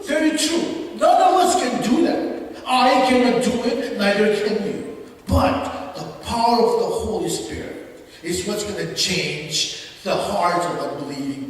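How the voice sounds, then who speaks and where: A man from Micronesia with a Micronesian accent, preaching a sermon earnestly, often repeating and restarting phrases. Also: extremely high pitch. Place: church hall. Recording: echoey hall from far off.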